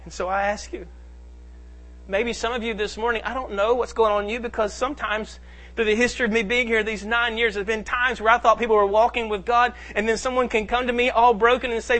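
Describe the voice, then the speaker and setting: Bright high-voiced male pastor preaching. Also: moderate pace. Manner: preaching with emphatic rises and drops in volume. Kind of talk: sermon.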